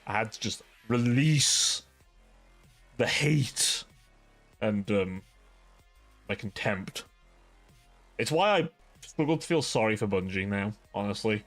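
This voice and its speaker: A man's voice: fairly low pitch, expressive, slow, long pauses, fairly bright tone, soft background music. A man hosting a livestream, chatting casually with viewers in a rambling, profane way, filling his talk with "like". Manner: rambling, profane, ranting, heavy use of "like". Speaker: livestream host.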